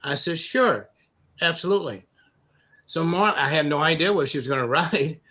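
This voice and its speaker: Halting, throat-clearing middle-aged man. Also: fairly high pitch, bright, forceful tone. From United States. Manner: halting, many restarts and repeated words. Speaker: anti-bullying program founder, guest. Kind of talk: conversational interview storytelling.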